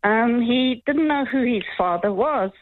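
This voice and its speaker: A woman calling in to a radio show, speaking in an emotional, halting way. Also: a little high, expressive. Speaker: caller. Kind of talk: call-in message on radio. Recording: tinny phone line.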